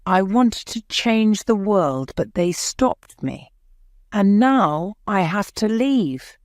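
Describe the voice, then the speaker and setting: A woman reading the lines of a weary, sad king who is giving up his throne, in a slow, gentle, sorrowful voice. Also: mid-range voice, expressive, dry recording, clean studio sound, pitched above the performer's own voice.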